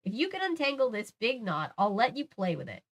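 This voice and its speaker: A woman's voice: fairly high pitch, wildly swooping pitch, a little fast, exaggerated voice. Storybook boy, twelve, bored and teasing, mutters his lines offhand, as a woman reads him. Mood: dismissive.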